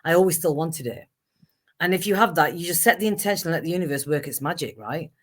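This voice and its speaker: A woman's voice: low-pitched, fast talker. A middle-aged woman, a guest actress and singer telling her story candidly and emphatically. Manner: animated and emphatic, acts out past conversations.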